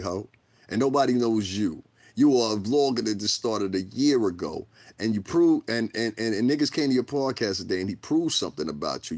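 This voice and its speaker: A man's voice: lowish voice, dry recording. A man giving a blunt, profane livestream rant, heated and rambling, repeating himself as he goes. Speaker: livestreamer and commentator.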